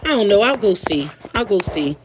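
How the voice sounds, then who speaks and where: A woman's voice: mid-range voice, very animated, normal speed, noisy background. Chatty laughing Philadelphia woman livestreaming. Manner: chatty, laughing often, greets viewers by name. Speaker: livestream host. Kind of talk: casual live chat with viewers.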